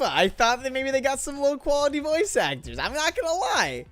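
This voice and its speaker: Casting: chatty woman streamer reacting to a game, animated pitch, rapid profane asides. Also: dry recording, soft background music. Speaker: let's play streamer. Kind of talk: casual gameplay commentary.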